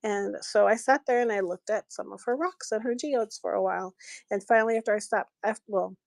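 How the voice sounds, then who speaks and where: A woman's voice: mid-range voice, a little fast, creaky, no room sound. A middle-aged woman chatting on a craft live stream, telling stories and laughing often while she works.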